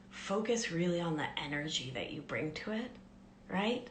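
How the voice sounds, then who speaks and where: A woman life coach giving a gentle, soothing teaching talk on a live stream, often dropping into soft whispers. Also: lowish voice, moderate pace, reverberant, slight background noise.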